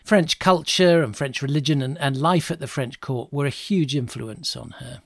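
A man in middle age tells history like a chat, wry and unhurried, with dry little asides. His voice sits at an ordinary pitch and is recorded close and dry, with no room sound at all. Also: creaky, no room sound. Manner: chatty, wry, with asides and small laughs. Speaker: podcast host. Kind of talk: casual history storytelling.

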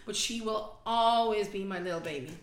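A woman's voice: medium pitch, moderate pace, echoey room, a crowd in the background. A woman in her thirties with an Irish accent, hosting a casual podcast chat with a playful, teasing manner and frequent swearing. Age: 30s. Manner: playful, teasing, swears freely, bursts of loud laughter. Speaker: podcast host.

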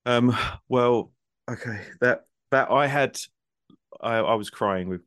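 A man's voice: mid-range voice, slow, fairly bright tone, clean tone, dry recording, studio quality. A man co-hosting a comedy podcast, praising a friend's story with mock solemnity. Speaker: podcast co-host. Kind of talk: casual banter among friends.

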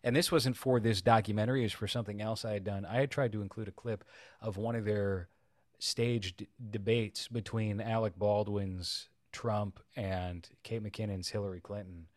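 A man's voice: fairly low pitch, fairly even intonation, normal speed, a little mellow, no echo, studio quality. A man co-hosting a podcast in casual chat, crude and sarcastic, rambling through long asides. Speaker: podcast co-host.

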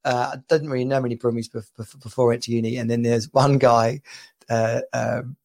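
A gravelly, creaky-voiced man hosting a relaxed podcast, with a mid-pitched voice. He tells stories with laughter and lots of restarts. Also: fairly quick. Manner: chatty, laughing storyteller with many restarts. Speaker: podcast host. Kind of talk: casual chat. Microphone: home podcast mic.

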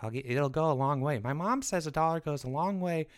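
A woman voicing Jeffrey, a scatterbrained, excitable young boy who rambles as a comedy podcast co-host. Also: low-pitched, brisk, lightly acted. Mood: curious. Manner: scatterbrained, rambling, easily sidetracked.

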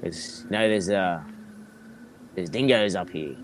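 Old aussie farmer done by a guy, low and matter of fact, slight background noise. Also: slow, poor audio. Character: gruff old male farmer, laconic.

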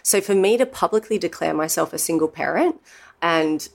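A woman's voice: on the low side, expressive, moderate pace, gravelly. An Australian woman in her thirties, a guest telling her own story openly and reflectively, with many "you know" asides. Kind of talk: candid personal storytelling.

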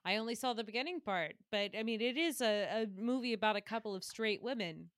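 A woman's voice: fairly high pitch, animated, fast, fairly bright tone, no echo, studio quality. A woman co-hosting a comedy podcast, playfully evasive and bluffing in an improvised bit. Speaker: podcast co-host.

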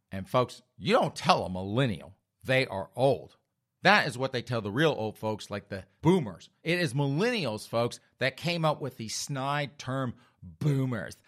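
A man's voice: medium pitch, lively intonation, a little slow, fairly bright tone. A man ranting through a mocking comic story, addressing his audience as folks. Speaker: comedian.

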